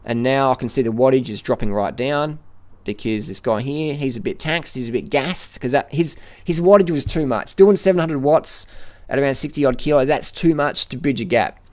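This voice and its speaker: A man's voice: mid-range voice, normal speed. Man commentating his own bike climb. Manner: excited play-by-play, repeats phrases. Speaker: cycling vlogger. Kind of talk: live ride commentary. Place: outdoors, riding a bike up a hill.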